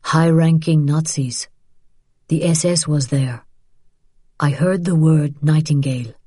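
Woman doing a tired old dad voice, gruff, slow and low, dark dry audiobook sound. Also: fairly even intonation, dry recording, exaggerated voice. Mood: hushed urgent. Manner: weary, low and firm. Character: tired thin elderly Parisian father, gruff. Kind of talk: audiobook character voice.

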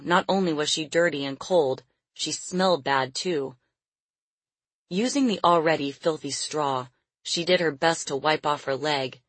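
A woman narrating an audiobook in a steady, measured storytelling manner. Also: low voice, dry recording, poor audio.

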